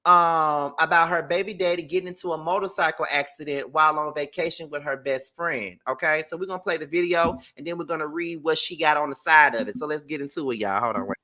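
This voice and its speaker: A man's voice: on the high side, fast talker, hardly any pauses, pushed and bright. A man hosting a casual commentary show, ranting bluntly and emphatically with plenty of profanity. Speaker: commentary channel host.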